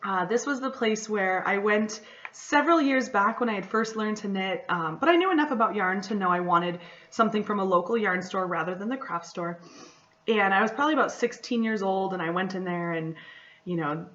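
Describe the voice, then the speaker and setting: A woman's voice: mid-range voice, brisk, fairly bright tone, highs cut off. A woman, hosting a casual solo podcast and telling a story in a chatty way with lots of "like" and "you know". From Michigan, USA. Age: 20s. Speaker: podcast host.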